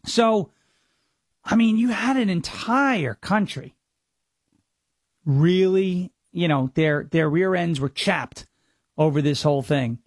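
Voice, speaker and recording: A man from the United States hosts a political commentary podcast in a mocking, sarcastic ramble. His voice sits high with a gravelly fry, and the sound is close and dry. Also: animated, moderate pace, no room sound. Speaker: host.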